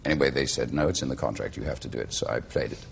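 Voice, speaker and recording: Very deep gravelly Welsh man. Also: noisy background. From Wales. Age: middle-aged. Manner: slow, measured, eloquent storytelling. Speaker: actor guest. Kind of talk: talk show interview.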